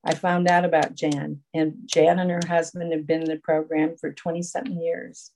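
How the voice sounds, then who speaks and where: A woman's voice: low voice, level tone, normal speed, a little mellow, slight background noise, poor audio. A woman telling a long personal story at a support group meeting over a video call, rambling and full of fillers. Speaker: recovery meeting speaker.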